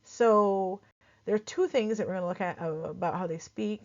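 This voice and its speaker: A woman from Barbados with a lightly softened Barbadian accent, chatting casually as she explains, full of quick examples and asides. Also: mid-range voice. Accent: Barbadian, softened for clarity. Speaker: culture explainer host. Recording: dull lo-fi sound.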